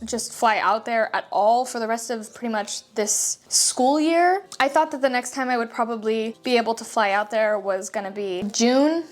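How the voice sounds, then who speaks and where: A young woman from Los Angeles chatting casually in a vlog, warm and emotional, laughing often and filling her talk with "like.". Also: fairly high pitch, normal speed, hardly any pauses. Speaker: vlogger. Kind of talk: casual chat. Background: soft background music.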